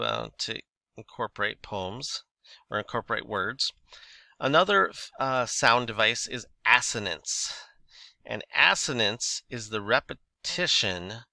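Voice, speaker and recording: Male teacher, bright, crisp tone, dry close sound; explains poetry step by step and reads verses aloud with a beat. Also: mid-range voice, no room sound. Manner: explanatory, reads example poems aloud with a rhythm; checks understanding with quick questions. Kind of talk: recorded lesson on writing poetry.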